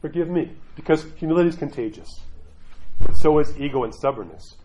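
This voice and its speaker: A man's voice: fairly high pitch, fast, dark tone, a little hiss or hum, poor audio. A middle-aged man, an Orthodox Christian clergyman, giving casual spiritual talk and often asking "right?". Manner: conversational, keeps asking "right?"; acts out quoted voices.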